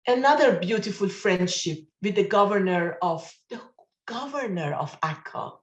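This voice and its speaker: A woman giving an online talk, telling stories with excitement, acting out quotes, and laughing often. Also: medium pitch, moderate pace, reverberant. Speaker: speaker at an online study session. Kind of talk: animated storytelling talk. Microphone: video call.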